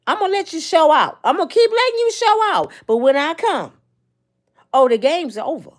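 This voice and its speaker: A woman talking straight to camera in an animated, preachy opinion monologue, acting out quotes as she goes. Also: a little fast. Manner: expressive, preachy, acts out quotes in a sliding pitch. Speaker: commentary vlogger.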